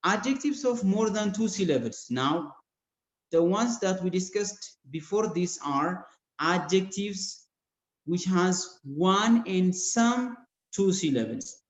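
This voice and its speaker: A male English teacher with an Ethiopian accent giving an online grammar lesson, explaining rules slowly and spelling out letters one by one. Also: sits high, expressive. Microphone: video call. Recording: dull echoey video-call audio.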